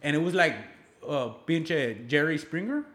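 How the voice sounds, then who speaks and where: Animated, high-voiced male guest, lively delivery. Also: measured pace, reverberant. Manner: animated storyteller, slangy, acts out voices. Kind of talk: casual comedic chat.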